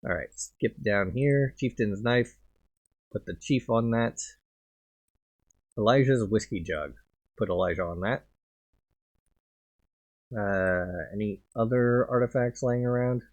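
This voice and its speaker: A man's voice: on the low side, takes it slowly, long pauses. A man doing casual let's play commentary, thinking aloud and muttering as he plays a video game.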